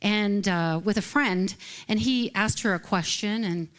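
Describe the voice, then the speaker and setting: A woman's voice: mid-range voice, a little slow. A woman minister giving a casual live sermon, chatty and light, often laughing between phrases. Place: live service at a spiritual center.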